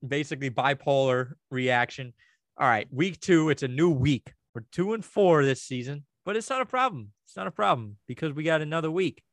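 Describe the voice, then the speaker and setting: A man's voice: medium pitch, no room sound. A man co-hosting a podcast in casual banter, ranting and joking with a lot of swearing. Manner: crude, joking rants with frequent swearing. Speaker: podcast co-host.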